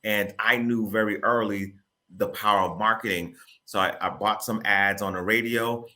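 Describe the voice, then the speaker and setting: Bright-voiced, lively man telling his story. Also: lowish voice, moderate pace. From Boston area, Massachusetts. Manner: animated, repeats himself, informal grammar. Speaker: guest, real estate broker. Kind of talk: casual interview storytelling.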